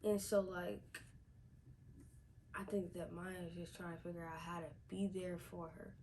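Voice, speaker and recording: A woman's voice: on the low side, flat delivery, unhurried, a little mellow, slight background noise, low-quality recording. Chatty woman reviewing a TV episode. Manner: chatty, repeats herself, many fillers. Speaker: TV show reviewer. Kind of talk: casual vlog review.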